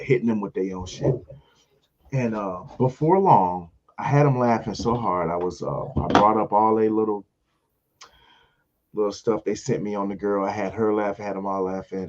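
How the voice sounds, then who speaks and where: A man, a comedian hosting a casual show and telling a story, acting out other people in high voices. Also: moderate pace, highs cut off. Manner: animated storyteller, acts out voices in high pitch.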